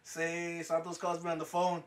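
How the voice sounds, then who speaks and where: A man's voice: a little high, completely flat delivery, normal speed. A man co-hosting a casual podcast, rambling through stories with plenty of swearing and joking. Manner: rambling, swears casually, self-styled family clown. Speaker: podcast co-host. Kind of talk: casual chat.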